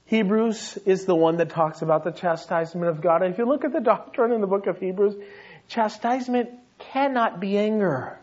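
A man with a very high voice delivers a sermon with sweeping intensity. He drops to hushed, intimate tones, then rises to shouting fervor. The recording is dull and lo-fi. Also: a little fast. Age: adult with young sons. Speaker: pastor.

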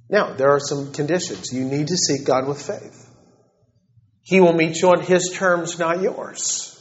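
A man preaching a sermon, dropping to soft, slow assurances and then building to fervent, rising declarations. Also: a little high. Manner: swings between soft, slow, intimate passages and rising, fervent ones. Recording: dull lo-fi recording.

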